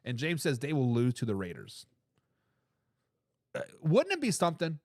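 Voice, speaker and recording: Man, sports show host, casual commentary, lively swooping delivery, laughs often, dry recording. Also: mid-range voice, moderate pace, no room sound. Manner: emphatic, repeats his points; laughs between remarks.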